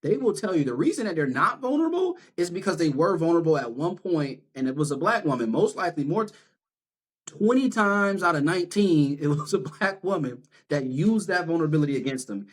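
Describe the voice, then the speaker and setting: A man's voice: a little high, expressive, fairly quick. A man speaking as a guest social worker in a casual interview, talking in an earnest, emphatic, conversational way.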